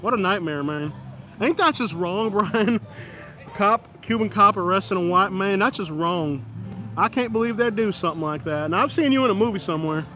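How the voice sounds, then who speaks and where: A man's voice: high voice, expressive, moderate pace, bright, forceful tone, faint music behind. A man live-streaming outdoors on a busy street, joking with chat and mock-scolding passing drivers. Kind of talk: live-stream vlog, commenting on passers-by.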